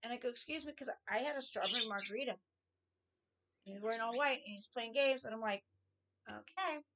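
Chatty storytelling woman, a bit high. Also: fast. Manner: chatty, animated, acts out quotes in a higher voice. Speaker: vlogger telling stories. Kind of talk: casual storytelling.

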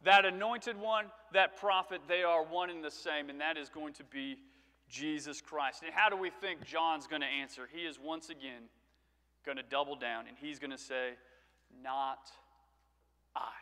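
Speaking at a normal speed, this preacher has a fairly high, pushed, bright voice. He gives a conversational sermon with stories and rhetorical questions, and the church sanctuary where he stands makes the recording reverberant.

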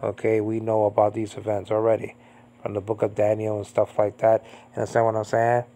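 A man in his fifties, from Puerto Rico, giving an informal Bible teaching, rambling with lots of "I mean, you know" and jumping to a high emphatic pitch on key points. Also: completely flat delivery, fairly quick, mellow. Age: 50s.

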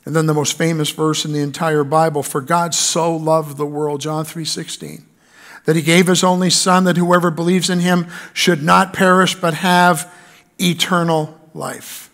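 A man's voice: fairly high pitch, flat delivery, moderate pace, fairly bright tone. A man preaching a sermon in church, reading scripture aloud and building emphasis on key lines. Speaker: pastor.

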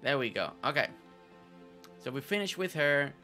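A man's voice: medium pitch, big pitch swings, moderate pace, pushed and bright. A man streaming a game, chatting playfully with his viewers and joking around. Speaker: gaming streamer. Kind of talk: casual gameplay commentary. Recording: faint game music behind.

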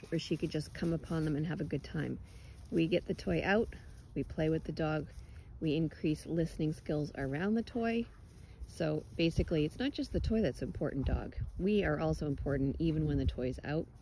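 A woman's voice: low-pitched, mellow, a little hiss or hum, rough recording. Woman dog trainer coaching outdoors. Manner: directive, encouraging coaching. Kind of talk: hands-on coaching and explanation. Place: outdoors on a lawn.

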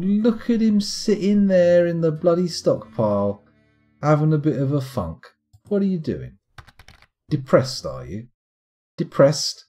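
Streamer, wry mutterer, lively pitch, mellow tone, soft guitar music underneath. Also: male voice. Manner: wry, muttering to himself while playing. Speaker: gaming streamer. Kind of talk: live game commentary.

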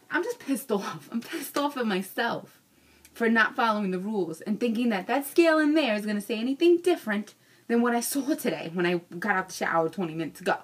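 A woman's voice: fairly high pitch, fairly bright tone, breathy edge. A young adult woman ranting casually in a vlog, frank and self-mocking, cursing freely. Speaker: vlogger.

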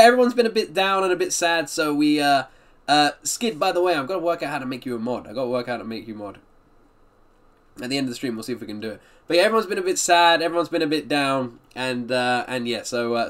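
A man's voice: on the high side, fairly bright tone. A man live-streaming a reaction, chatting upbeat with his viewers and greeting them by name. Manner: upbeat, greets and answers viewers' chat often.

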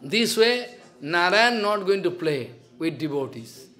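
With an Indian accent and simple, broken English, a spiritual teacher tells a devotional story and acts out the dialogue. His voice sits high and sing-song, a little slow, pushed and bright.

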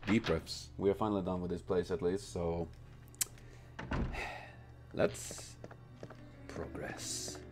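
A man giving let's play commentary, exasperated and swearing constantly, with sudden loud outbursts. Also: sits low, steady tone, drawn-out words, pauses often, over music. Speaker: gaming channel host.

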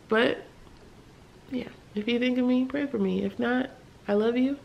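Weary, candid young woman with gravelly fry. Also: fairly high pitch, a little hiss or hum. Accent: American. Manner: candid, tired, halting, with sighs and soft laughs. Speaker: vlogger. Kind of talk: emotional late-night vlog talk.

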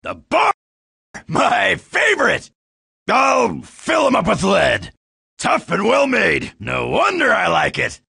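A loudmouthed American marine in a video game, all crude taunts and bravado. The voice is raspy and gravelly, with a bright, hard edge that cuts through. He is mostly shouting, in slow, deliberate bursts. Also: sits high, wildly swooping pitch, heavily acted. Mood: gruff bravado. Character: brash loudmouthed American marine, middle-aged, cocky.

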